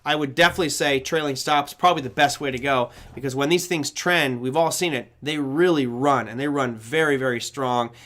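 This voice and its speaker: A man's voice: mid-range voice, fairly quick, hardly any pauses, a bit bright. A man hosting a live trading show, giving rambling market commentary, correcting himself often and acting out the voices he quotes.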